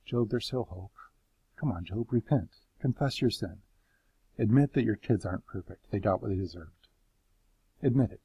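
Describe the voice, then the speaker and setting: A man's voice: on the low side, expressive, normal speed, pauses often, dark tone, husky, dry recording. A man voicing self-assured friends who keep urging a sufferer to repent, coaxing and insistent.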